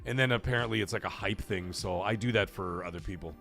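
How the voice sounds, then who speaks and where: A man's voice: on the low side, quick pace, creaky, a bit bright, soft background music. A man hosting a casual live stream, talking animatedly, swearing freely and reading viewer messages aloud. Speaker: livestream host.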